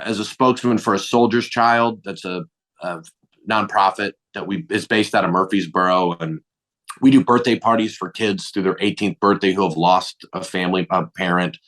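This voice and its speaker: A middle-aged man, a comedian guest, tells casual stories, acting out the dialogue with some mild swearing. His voice sits on the low side with a bit of brightness.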